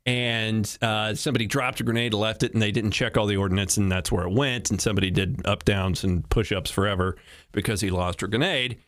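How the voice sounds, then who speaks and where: A man's voice: lowish voice, fairly bright tone. A male talk show host reading out news stories and joking about them with a wry, laughing delivery. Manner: wry, laughing, slips into mock voices. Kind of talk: solo comedic news commentary.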